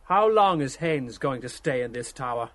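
An actor voicing a quiet, sullen young man. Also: mid-range voice, animated, normal speed, no room sound, natural voice. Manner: quiet, reserved. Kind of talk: radio drama acting.

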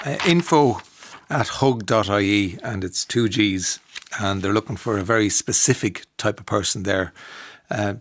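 A man's voice: fairly low pitch, creaky, fairly bright tone, dry recording. An Irish man hosting a radio show, chatting and reading out listener suggestions with easy laughs. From Ireland. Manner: chatty, reads out listener messages, laughs easily. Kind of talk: casual radio chat. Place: radio studio.

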